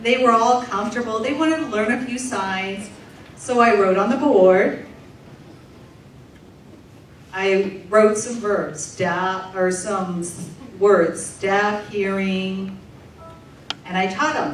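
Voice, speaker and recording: A woman interpreting a deaf comedian's stand-up set aloud for a live audience, in a lively, animated way. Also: mid-range voice, slow pace, slight background noise. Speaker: sign language interpreter voicing a deaf comedian. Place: large room with a live audience. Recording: echoey distant room recording.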